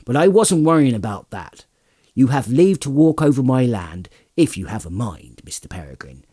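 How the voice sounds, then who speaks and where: A man voicing a gruff, hearty middle-aged hobbit farmer with a loud, folksy, blustery way of talking. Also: medium pitch, very animated, normal speed.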